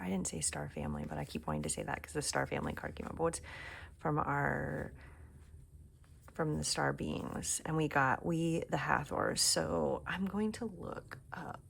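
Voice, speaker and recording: Low, gravelly-voiced woman reading tarot. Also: slight background noise. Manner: chatty, musing aloud, often drops to a soft near-whisper. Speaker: tarot reader. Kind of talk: casual tarot reading to camera. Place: home room.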